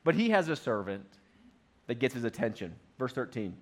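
A man's voice: medium pitch, big pitch swings, moderate pace. A man preaching a sermon in a conversational, storytelling manner. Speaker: pastor.

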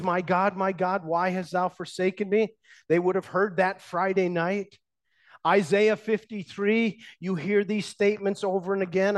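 A pastor preaching in a fairly high voice, retelling old stories from the pulpit. He swings between raised emphasis and hushed, quiet lines as he builds his points. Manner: storytelling, shifting between loud and hushed. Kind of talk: sermon.

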